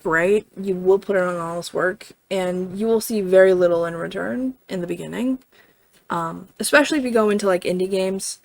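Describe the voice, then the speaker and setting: A woman giving a casual tarot reading in a chatty way, full of fillers, often checking in with "right?" and swearing now and then. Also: on the low side. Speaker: tarot reader.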